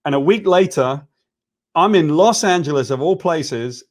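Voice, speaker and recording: A man's voice: fairly high pitch, measured pace. A man from Wales, co-hosting a casual chat, telling stories and teasing his friend. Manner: lively, teasing banter. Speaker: co-host.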